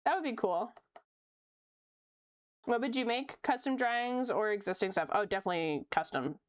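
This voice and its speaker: A woman's voice: fairly high pitch, normal speed. A young woman streamer chatting casually while she draws, reading chat aloud, laughing often and swearing freely.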